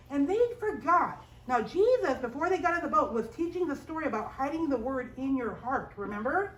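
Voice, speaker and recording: A young woman telling a Bible story to a children's class, animated and asking the children questions. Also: sits high, moderate pace. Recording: echoey room, voice from a distance, faint hiss. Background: children's group.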